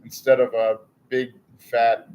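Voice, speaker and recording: A man's voice: medium pitch, flat delivery, slow, a little mellow, smooth, low-quality recording. A man answering questions in a casual podcast chat, easygoing and thoughtful. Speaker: podcast guest.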